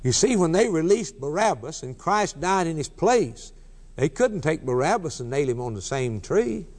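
A man's voice: a little high, very animated, normal speed, a little mellow. A man preaching a sermon with emphatic, repeated refrains. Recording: long hall reverb.

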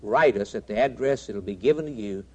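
A man's voice: lowish voice, fairly quick, darkish tone. A man preaching a sermon with a rising and falling, emphatic cadence. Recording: broadcast of a taped sermon.

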